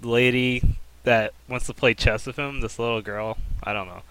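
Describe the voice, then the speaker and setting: A young man co-hosts an easygoing anime chat and recaps the story at a relaxed pace. His voice is bright and smooth. The sound is dry and close. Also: medium pitch, moderate pace, dry recording, rough recording. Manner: laid-back, recaps the plot. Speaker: podcast co-host. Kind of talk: casual anime review chat.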